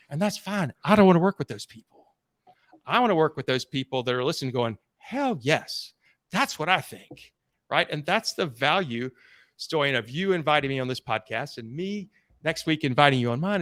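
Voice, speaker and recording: A man who is a sales coach and podcast guest, telling stories in a blunt, animated way and swearing freely. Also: on the high side, no room sound, studio quality. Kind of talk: casual storytelling interview.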